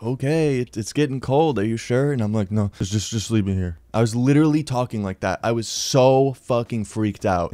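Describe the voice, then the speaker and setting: A man's voice: lowish voice, warm tone, no echo. A young man in his twenties telling a story in a casual vlog, rambling and laid-back, swearing often and calling people dude.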